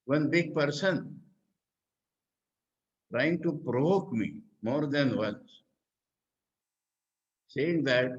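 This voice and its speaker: A man's slightly high voice, in Indian English, carries a slow spiritual discourse on scripture from a monk and teacher. He frames points as questions before answering them. The recording comes through muffled.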